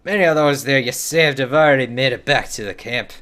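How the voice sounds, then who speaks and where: A man putting on a gruff hearty dwarf. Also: mid-range voice, a little fast, bright, forceful tone, voice pushed up, close to an everyday voice. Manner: clumsy put-on dwarf accent, reading quest text aloud. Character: gruff male dwarf quest-giver, blunt and hearty. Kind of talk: reading game dialogue aloud.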